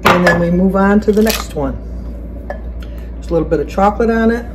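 A woman's voice: mid-range voice, a little fast, background noise. A woman hosting a casual home cooking video, chatty and correcting herself mid-sentence as she explains each step in her kitchen. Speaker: cooking channel host.

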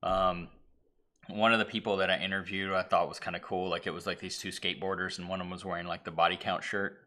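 A low-pitched man with a bright, forceful edge to his voice, chatting casually as a stream co-host. He rambles through a story, stopping to act out the characters with yells and hushed whispers. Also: little pitch movement, quick pace. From Irish heritage (family, not place). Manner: rambling, acts out lines with shouts and whispers. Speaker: podcast co-host. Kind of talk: casual chat retelling a movie.

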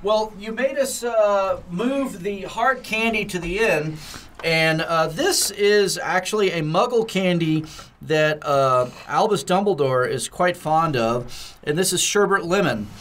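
A man's voice: sits high, a little slow, a bit bright, a little hiss or hum. A man co-hosting a podcast, chatting casually as he explains a candy with many fillers. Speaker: podcast co-host. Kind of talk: casual food-tasting chat.

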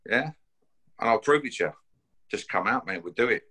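A fiery man throwing down a fight challenge, his voice pitched low yet cutting and forceful. He talks bluntly, swears freely and keeps jabbing in "yeah?" and "mate". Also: expressive, fairly quick, husky. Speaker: bare-knuckle fighter issuing a challenge. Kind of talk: confrontational call-out to camera.

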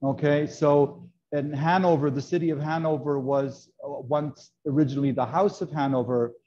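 A man's voice: fairly high pitch, steady tone, normal speed, dark tone. A man teaching a live baking class, explaining in a chatty way with many fillers and "right?" checks. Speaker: baking instructor. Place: kitchen classroom. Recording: dull lo-fi video call audio.

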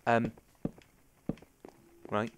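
A man's voice: drawn-out words, background noise. A young man with an English accent, rambling and talking to himself as he comments on his own gameplay. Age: young adult. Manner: chatty, rambling, self-talking. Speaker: gaming commentator. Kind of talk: casual let's play commentary.

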